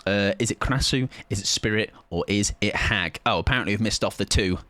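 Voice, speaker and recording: A man's voice: lowish voice, fairly quick, sharp tone, no echo. A man chatting casually on a live gaming stream, rambling and laughing often.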